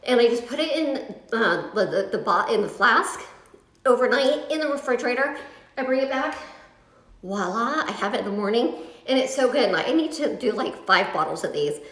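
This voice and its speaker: A young woman leads a live yoga workout, chatty and upbeat as she counts down reps. Her voice sits high and she sounds a bit out of breath. The sound bounces around a very echoey room, picked up from well away from the mic. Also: animated, normal speed, fairly bright tone, recorded from a distance. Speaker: yoga instructor. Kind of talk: live-streamed yoga class instruction.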